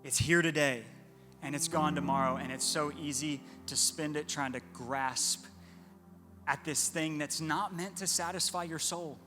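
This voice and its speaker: A man's voice: fairly high pitch, steady tone, unhurried. A young man preaching a sermon as pastor, earnest, repeating phrases for emphasis. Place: church hall. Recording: long hall reverb with music behind.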